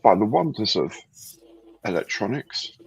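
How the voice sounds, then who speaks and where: A man's voice: on the low side, big pitch swings, measured pace, gravelly, muffled recording. A man joining a livestream as a guest, rambling and restarting as he explains things. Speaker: guest on a live model-building stream. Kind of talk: casual live-stream chat.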